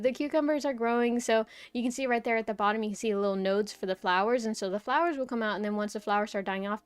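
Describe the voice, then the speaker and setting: A woman's voice: medium pitch, clean tone, no echo. A young woman streamer chatting casually, rambling through a story with lots of "like" and "right?".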